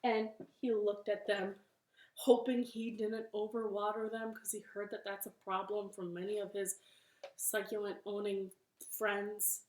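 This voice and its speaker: A woman reading a picture book aloud for children's storytime, slowly and expressively, from her living room. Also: medium pitch, reverberant, a little hiss or hum. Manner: slow, expressive, playful. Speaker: library storytime reader.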